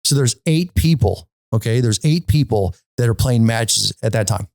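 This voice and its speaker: A man's voice: medium pitch, moderate pace, vocal fry, dry recording. A man hosting a golf podcast, telling a story casually and animatedly, often stopping to ask "okay?". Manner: animated, repeats himself, often asks "okay?".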